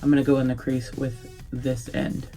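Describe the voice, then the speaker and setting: A young adult woman chatting casually through a makeup tutorial, relaxed and rambling with many fillers. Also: rumbling low, normal speed, faint music behind. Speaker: beauty vlogger.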